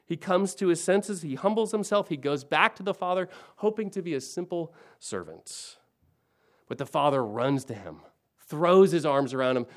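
Pastor, man in his forties, fairly high voice, preaches in repeated rising phrases. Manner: preaching with wide swings between soft and emphatic, repeating phrases. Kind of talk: sermon.

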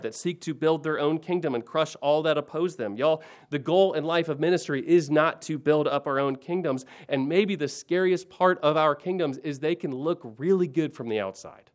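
A man in his forties preaching a sermon, swinging between hushed and emphatic lines and building on repeated phrases. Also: on the high side. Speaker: pastor.

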